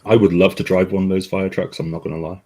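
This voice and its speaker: A man who moderates a stream, speaking in a measured, opinionated way with dry asides. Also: deep voice, flat delivery, mellow, rough recording. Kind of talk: casual panel chat.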